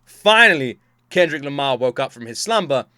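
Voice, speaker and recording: A man's voice: medium pitch, lively intonation, normal speed, sharp tone, dry recording, clean studio sound. A man giving a casual, rambling, profane reaction commentary from his chair at home, slipping into playful put-on voices. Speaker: reaction video host. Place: home room, seated in a chair.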